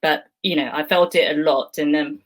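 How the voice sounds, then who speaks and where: A woman on a video panel speaks slowly and reflectively, stopping to search for her words. Her voice sits low for a woman. The tone stays thoughtful throughout. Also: fairly even intonation. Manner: hesitant, thoughtful, many fillers. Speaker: playwright panelist.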